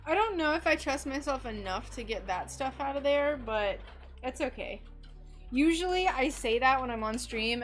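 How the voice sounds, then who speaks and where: A woman's voice: a little high, a bit bright. A woman chatting casually with viewers on a stained glass craft livestream, reacting to messages with a giggly, chatty manner from her workspace. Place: home craft workspace under bright lights.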